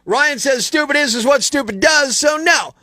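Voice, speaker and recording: A man's voice: extremely high pitch, moderate pace, no room sound, clean studio sound. A man hosting a morning radio show, telling stories, joking about the news and laughing often. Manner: animated storyteller, laughs often. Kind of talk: casual radio talk and news jokes. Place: radio studio. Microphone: studio microphone.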